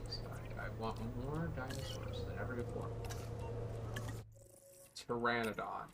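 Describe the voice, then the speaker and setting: A man at a home setup gives casual gameplay commentary at a medium pitch, joking and rambling as he builds. He pokes fun at himself as he goes. A steady hiss of noise sits under his voice. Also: moderate pace. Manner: joking, rambling and self-mocking. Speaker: let's play host.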